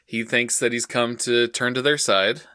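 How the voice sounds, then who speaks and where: A man's voice: mid-range voice, steady tone, normal speed, pushed and bright, smooth, no room sound. A man co-hosting a podcast, chatting casually about an anime and adding dry, wry asides. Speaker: podcast co-host. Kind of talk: casual anime recap chat.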